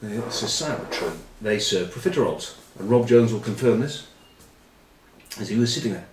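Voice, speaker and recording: A man spins casual comic stories in a rambling, wry way, full of asides. His mid-pitched voice is animated. The sound is roomy and a little distant from the mic. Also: moderate pace. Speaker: show regular telling stories.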